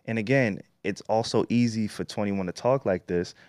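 A man's voice: fairly low pitch, darkish tone, clear, resonant tone, no room sound, clean studio sound. A man around thirty co-hosting a casual talk show, making his points steadily and checking that the listener follows. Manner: measured, asks "you get what I'm saying?". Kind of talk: casual chat.

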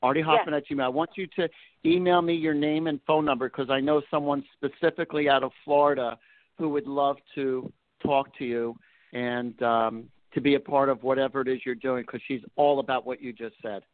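A man's voice: medium pitch, steady tone, a little fast, no room sound. A man hosting a call-in show as a psychic, chatty and telling stories to callers. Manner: chatty, storytelling, affectionate with callers. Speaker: psychic radio show host. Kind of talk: casual call-in chat. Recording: phone-like narrow band.

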